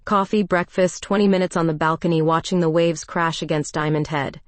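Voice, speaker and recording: Woman, story narrator, low pitch, calm even delivery, close dry mic. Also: a little fast, no room sound. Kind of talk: first-person audio story narration.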